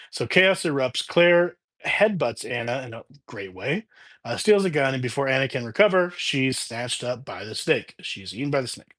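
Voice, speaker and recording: Casual male movie reviewer, mid-range voice, chatty plot recaps with asides. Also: mid-range voice. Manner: chatty, animated retelling with laughs and quoted voices.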